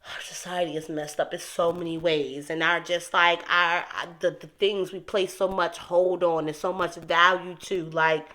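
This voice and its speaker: A young woman talking casually to her viewers as she recaps a TV episode, animated and emphatic. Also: lowish voice, normal speed. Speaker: TV recap host.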